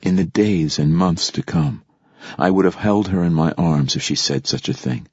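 A man reads a novel aloud in a measured, reflective narration. His voice is very deep and husky, recorded dry and close with a slightly dull, muffled sound. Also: a little mellow, no room sound. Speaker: audiobook narrator. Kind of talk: scripted narration.

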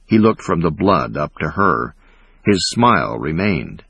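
A man reading a thriller audiobook in a measured, dramatic way. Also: very deep voice, sing-song, fairly bright tone, husky, no echo. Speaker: audiobook narrator. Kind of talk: scripted narration.

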